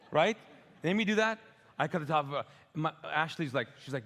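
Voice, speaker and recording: Animated male pastor preaching in a reverberant hall. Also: on the high side, normal speed. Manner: animated, asks audience to call out answers; tells humorous stories with acted-out quotes. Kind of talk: sermon. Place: church auditorium.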